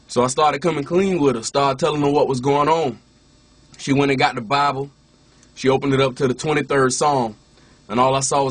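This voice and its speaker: Speaking a little fast in a medium-pitched, fairly even voice with no echo, a man recounts his testimony loosely. He's a minister who used to rap, and he keeps restarting his words and dropping "you know what I'm saying."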